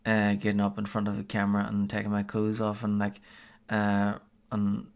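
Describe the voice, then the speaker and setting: A man's voice: fairly low pitch, completely flat delivery, moderate pace, vocal fry, clean tone. A man streaming a game, chatting casually and reading a policy aloud, hesitant with many fillers and frequent chuckles.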